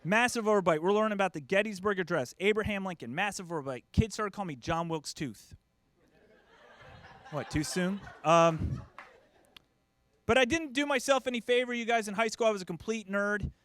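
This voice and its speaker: A middle-aged American man performs a stand-up comedy set, animatedly acting out members of his family in quoted voices. His voice is high-pitched, his pace moderate, and there's no room sound.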